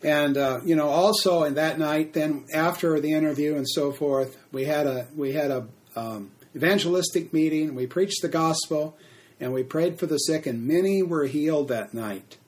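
A middle-aged man preaching a sermon, telling a testimony at an unhurried pace with frequent fillers and restarts. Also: on the high side. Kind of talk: sermon teaching.

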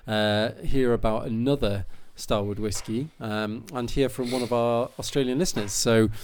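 A man's voice: medium pitch, fairly even intonation, normal speed, a little mellow, clean tone. Chatty male podcast host. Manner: rambling, enthusiastic, many fillers and restarts. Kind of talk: casual chat.

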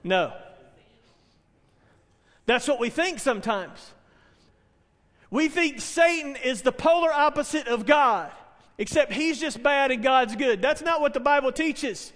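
Man, pastor, sermon, earnest, emphatic, very high voice, long church reverb. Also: expressive, unhurried, pauses often, a bit bright. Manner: earnest storytelling, rising to emphatic proclamations.

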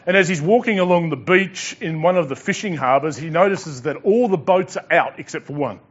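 A pastor delivers a sermon and acts out his stories with animated delivery. His voice is high for a man. The recording sounds a little muffled. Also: a little fast, slightly rough. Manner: storytelling, acting out dialogue.

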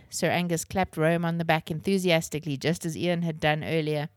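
A woman's voice: sits low, steady tone, fairly quick, dry recording, studio quality. A woman hosting a children's podcast and reading a novel aloud. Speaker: podcast host and reader.

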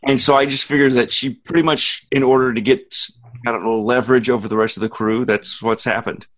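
A man co-hosting a podcast in casual chat, laying out theories in a laid-back, deadpan way. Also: mid-range voice, a little fast, poor audio. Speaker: podcast co-host.

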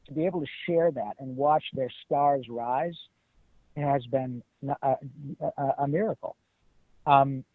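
A man's voice: mid-range voice, dry recording. Emphatic man over a tinny phone line. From Detroit, USA. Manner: animated, emphatic storyteller. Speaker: guest voice actor. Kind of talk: casual interview.

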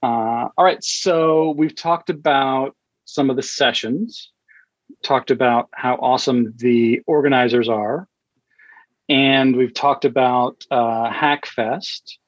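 A man's voice: mid-range voice, fairly even intonation, takes it slowly, no echo. A man hosts a casual podcast chat in an easygoing way, moving the talk along from topic to topic. His voice comes through dull and lo-fi, with a dry sound. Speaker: podcast host.

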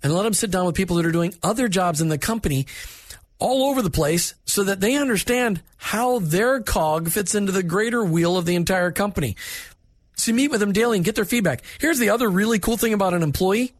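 A man with a notably high voice talks through workplace advice in a direct, plainspoken way. The recording is dry and close, with no room sound around him. He sounds instructive and conversational, like a manager coaching other managers. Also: fairly quick, no echo.

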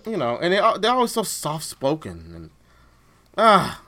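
A man co-hosting a podcast in casual chat, animated and laughing often, restarting his sentences as he goes. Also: on the high side, unhurried, very noisy. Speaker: podcast co-host.

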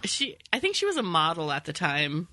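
A woman's voice: on the low side, wildly swooping pitch, fairly quick, bright, forceful tone, no room sound. A woman hosting a podcast, chatting casually about a film with a giggly, rambling manner. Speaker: podcast host.

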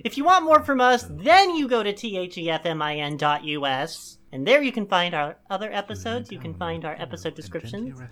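Laughing, animated woman podcast host. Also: fairly low pitch, a little fast, few pauses. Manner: laughing, swearing, exclamatory. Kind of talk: casual comedic podcast chat.

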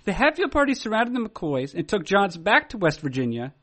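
A man with a notably high speaking voice chats casually on a podcast. He tells stories haltingly, circling back and restarting his sentences. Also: sing-song, a bit bright. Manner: rambling, halting storyteller with many restarts. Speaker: podcast co-host.

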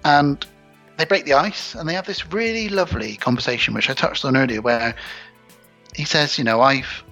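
A man's voice: on the high side, normal speed, gravelly, bright, forceful tone, faint music behind, poor audio. A man co-hosting a casual podcast, retelling film scenes and acting out lines of dialogue. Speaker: podcast co-host.

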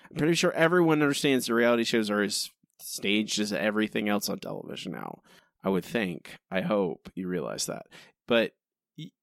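A man's voice: lowish voice, lively intonation, moderate pace, gravelly, fairly bright tone, no echo, studio quality. A man co-hosting a podcast, rambling and exasperated, asking why again and again. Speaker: podcast co-host. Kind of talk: casual critical chat.

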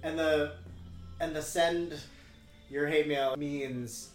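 A man's voice: on the high side, steady tone, takes it slowly, reverberant, music in the background. A man hosting a podcast, teasing his guest in dry, casual movie commentary. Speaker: podcast host.

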